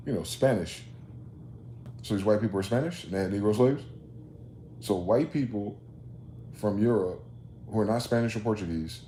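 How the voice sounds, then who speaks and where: Guy ranting solo, low mellow voice, lots of rhetorical questions and swearing, roomy echo. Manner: rhetorical questions, profane, combative. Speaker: host. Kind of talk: solo rant monologue. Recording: roomy echo, faint background noise.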